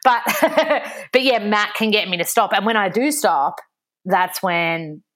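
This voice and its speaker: An Australian woman, a young adult, guesting on a casual podcast chat, telling lively stories full of "like" and acting out both sides of quoted exchanges. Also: mid-range voice, slow. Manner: chatty storytelling, acting out quoted exchanges, frequent "like".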